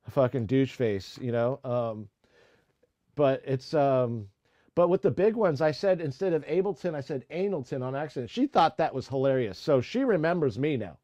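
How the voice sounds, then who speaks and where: A man's voice: a little high, darkish tone, no room sound. A man hosting a casual music-making live stream, rambling with lots of fillers and restarts. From United States.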